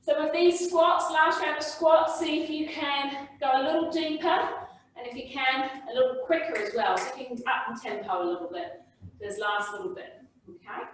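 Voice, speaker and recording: A woman exercise instructor with a slightly high voice leads an online class, coaching the moves and often checking in with "okay?". She sounds far from the mic in a very echoey indoor room. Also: steady tone, moderate pace, slight background noise.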